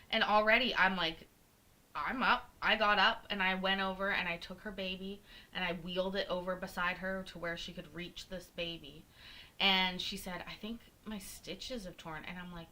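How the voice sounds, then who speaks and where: A woman with a fairly low but bright, forceful voice recounts a personal story on a live chat show. She talks casually and bluntly, swearing freely, and lands her points with emphasis. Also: moderate pace, low-quality recording. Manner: candid and profane, emphatic, animated retelling. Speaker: podcast co-host.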